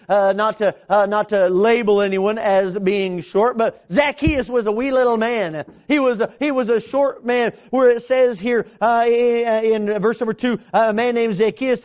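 A man's voice: high-pitched, dull audio. A man, a pastor, preaching a sermon in an emphatic style, with frequent fillers and restarts.

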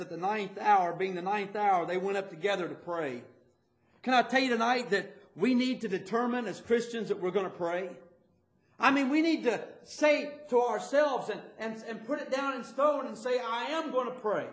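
A man's voice: sits high, roomy sound. A man preaching a fervent sermon as pastor, stumbling over repeated words as he builds his points. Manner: stammering repetitions, fervent preaching.

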